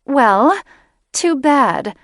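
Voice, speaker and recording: A woman's voice: measured pace, dry recording, studio quality, natural voice. A woman voicing a haughty, spiteful female griffin shifter who sneers and shrieks her lines. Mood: sneering. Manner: sneering, shrill and venomous.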